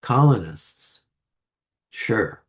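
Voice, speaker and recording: Man, sermon, unhurried, husky tone, low voice. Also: very animated. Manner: slow, measured delivery with deliberate pauses. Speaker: lay speaker. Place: church sanctuary.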